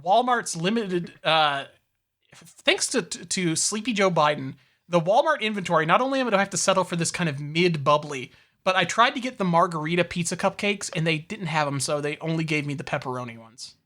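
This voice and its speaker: A man's voice: fairly high pitch, lively intonation, brisk, sharp tone. A man co-hosting a comedy podcast, rambling in casual chat with lots of restarts. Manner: rambling, many restarts and fillers. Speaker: podcast co-host.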